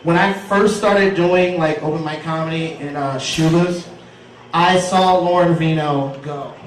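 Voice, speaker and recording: A man hosting a comedy show, doing loud, teasing, profane crowd work before bringing up the headliner. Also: a little high. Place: large comedy room with live audience. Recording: echoey room, far off, crowd noise.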